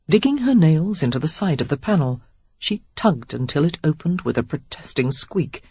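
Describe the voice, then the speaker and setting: Husky audiobook narrator, dry lo-fi sound. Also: mid-range voice, dark tone, no echo. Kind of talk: scripted narration. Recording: dull lo-fi dry recording.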